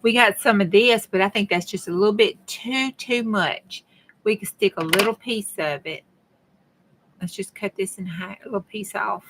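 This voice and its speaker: A woman's voice: mid-range voice, moderate pace, a bit bright, a little hiss or hum. Folksy woman chatting while crafting. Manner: chatty, folksy, talks to viewers. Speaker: craft vlogger. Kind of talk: casual chat while crafting.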